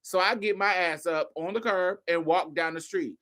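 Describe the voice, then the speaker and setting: A woman's voice: fairly low pitch, moderate pace, fairly bright tone. A woman hosting a show, casually telling a story to her listeners, swearing freely and calling them y'all, honey and baby. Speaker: host.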